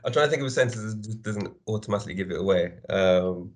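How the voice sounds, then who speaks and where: A man chatting as a guest, speaking hesitantly and thoughtfully with many pauses. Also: on the low side, slight background noise. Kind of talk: casual chat.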